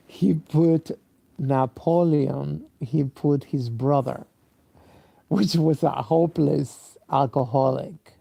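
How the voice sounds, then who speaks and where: A sleepy man with a dark, gravelly voice rambles slowly through a casual monologue. He stops often for fillers and restarts and swears freely. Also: mid-range voice. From Mexico. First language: Spanish. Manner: halting, many fillers and restarts, profane.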